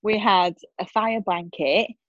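Lively woman telling a story. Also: medium pitch, unhurried, no echo. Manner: animated storyteller who acts out quotes. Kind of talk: casual chat. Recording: dull, dry recording.

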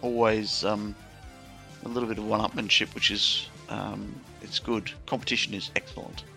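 A man co-hosting a casual gaming podcast, reading out rankings in a relaxed, unhurried way. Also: fairly low pitch, vocal fry, faint music behind. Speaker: podcast co-host.

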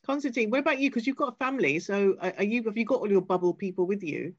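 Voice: mid-range voice, quick pace, dry recording. A giggly, chatty host who keeps tripping over words while running a loose group conversation. The voice comes over a dull, lo-fi video-call line. The sound is close and dry, with no room around it.

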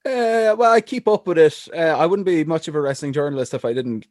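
A young man, a wrestling journalist, chatting as a podcast guest and giving blunt opinions with a quick laugh. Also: fairly high pitch, a little mellow, dry recording, studio quality. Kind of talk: casual chat.

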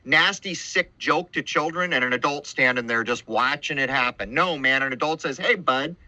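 Podcast host, man, dry close mic; sharp forceful tone, emphatic and preachy. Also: mid-range voice, moderate pace, no echo, low-quality recording. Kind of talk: casual podcast conversation.

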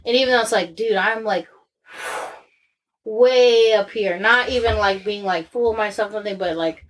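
A woman's voice: mid-range voice, normal speed. Candid rambling woman in casual chat. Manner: candid, rambling, frequent swearing.

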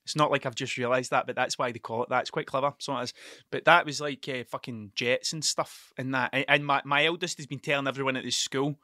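A man's voice: medium pitch, fairly even intonation, fast talker, bright, forceful tone, no room sound, clean studio sound. A man hosting a podcast, rambling through a casual monologue, swearing freely and stumbling over his words. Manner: rambling, sweary, stuttering storyteller. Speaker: podcast host.

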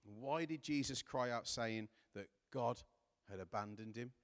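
A man's voice: medium pitch, unhurried. A man preaching a sermon, reading scripture aloud with earnest, building emphasis. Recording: long hall reverb.

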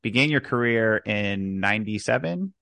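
A woman hosting a podcast interview, asking halting questions with frequent restarts. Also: extremely low pitch, lively intonation, gravelly, fairly bright tone, dry recording, studio quality. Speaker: podcast host. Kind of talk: casual interview.

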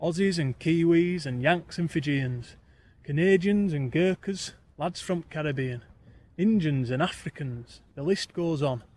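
A man's voice: on the high side, measured pace, few pauses, darkish tone. A man with a Yorkshire accent reciting his own rhyming poems in broad dialect, with a lilting rhythm. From Yorkshire, England. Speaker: guest poet.

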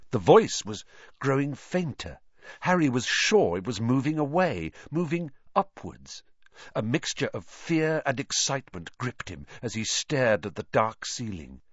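A man narrating a fantasy audiobook with expressive storytelling. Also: mid-range voice, husky, no room sound. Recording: dry, slightly dull recording.

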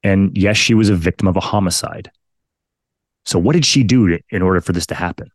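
Deep-voiced blunt man, dry close mic. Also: expressive, a little fast, no echo. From Canada. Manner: blunt and profane, emphatic repetitions. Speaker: podcast guest, firefighter. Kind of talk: candid conversational storytelling.

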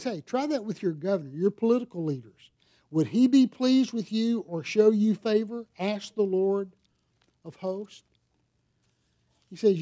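A man's voice: high voice, warm tone. A middle-aged man pastor preaching a sermon in a church, talking casually with the congregation and asking them questions. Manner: conversational preaching with audience questions and props. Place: church sanctuary.

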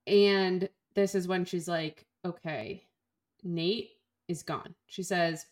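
A woman's voice: lowish voice, steady tone, takes it slowly. A woman co-hosting a book podcast, chatting casually and getting emotional, stumbling over her words as she retells a novel. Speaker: podcast co-host. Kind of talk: casual book-club chat.

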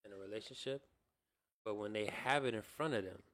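A man on a podcast panel giving a slow, measured answer. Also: lowish voice, a bit bright. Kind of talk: casual group chat.

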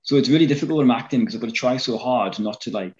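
This fan film actor from North East England races along in a medium-pitched, slightly mellow voice with his regional accent. As an interview guest he rambles casually, full of ums and restarts, and the recording sounds dull and lo-fi.

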